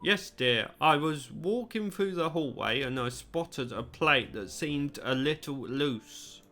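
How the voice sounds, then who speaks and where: A man's voice: on the high side, animated, slow pace, bright, forceful tone, faint music behind, full character voice. A man voicing a chatty, evasive male janitor while reading game dialogue aloud. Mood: explaining.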